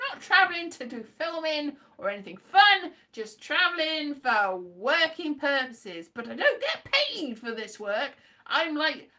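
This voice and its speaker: A woman's voice: sits high, sharp tone. A woman vlogging in a rambling casual monologue, playful and silly, slipping into sing-song asides.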